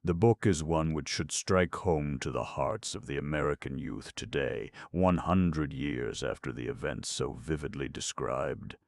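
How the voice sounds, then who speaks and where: A man reading an audiobook in steady, measured scripted narration. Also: very deep voice, gravelly, dry recording, clean studio sound.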